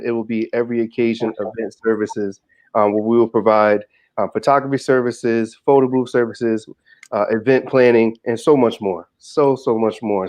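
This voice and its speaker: A man's voice: medium pitch, darkish tone. A man co-hosting a casual podcast, playful and joking as he plugs his own business. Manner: playful and joking, brags with a laugh. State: out of breath. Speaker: podcast co-host.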